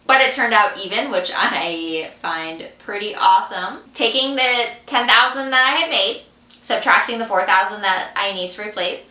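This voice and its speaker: Bright, gushing young woman vlogging. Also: medium pitch, reverberant. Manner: gushing, breathless excitement, repeats herself. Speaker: vlogger, clothing sales consultant. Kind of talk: excited direct-to-camera vlog.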